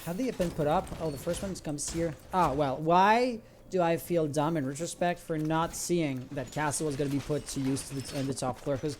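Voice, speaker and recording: A man giving live esports commentary, breaking down tactics and rising to excited calls on big plays. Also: on the high side, moderate pace, few pauses, slight background noise. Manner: analytical, builds to excited shouts on big plays. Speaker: esports caster.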